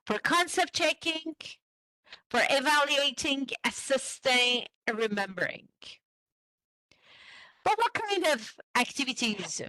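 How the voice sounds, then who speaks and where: A woman leads an online training session for language teachers, talking slowly and stopping to ask her class questions. Her voice is bright and a little high. The sound is dry and close. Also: lively intonation, no room sound, poor audio. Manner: slow, explanatory, asks the class questions.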